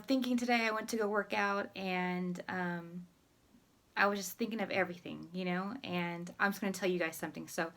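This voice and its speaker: A woman's voice: mid-range voice, fairly bright tone. A woman life recovery coach talking casually to her viewers, with many fillers and restarts, encouraging them. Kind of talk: casual spoken vlog.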